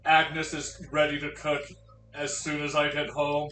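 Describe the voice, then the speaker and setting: A man voicing a male android soldier in a tabletop game, pitching a secret plan to a crewmate in a casual, matter-of-fact way. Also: completely flat delivery, measured pace, sharp tone. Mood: eager. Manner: casual scheming aside to a crewmate. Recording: roomy, distant mic with faint noise.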